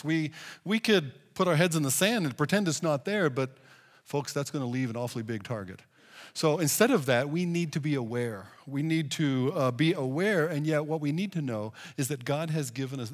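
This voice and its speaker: A man teaching from the Bible, earnest and halting, with many restarts. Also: fairly high pitch, in a large hall.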